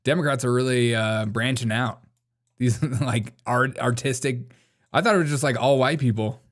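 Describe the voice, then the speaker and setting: A man's voice: mid-range voice, moderate pace. A man co-hosting a comedy show, mocking video clips with frequent laughter. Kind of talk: casual commentary on video clips.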